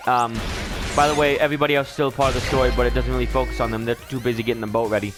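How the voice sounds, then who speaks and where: A man's voice: mid-range voice, very fast. Jokey young man rambling over music. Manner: animated, jokey, full of filler words. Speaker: let's play host. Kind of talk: rambling casual plot recap.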